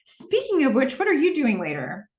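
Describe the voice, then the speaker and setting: Self-assured, flirty woman with a sharp tongue, read by a woman host in an echoey room. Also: high-pitched, wildly swooping pitch, normal speed, voice pushed up. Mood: teasing.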